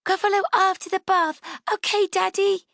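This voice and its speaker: A woman voicing an eager young girl who pleads in a high, excited, childlike voice. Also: normal speed, gravelly, no echo, studio quality, exaggerated voice.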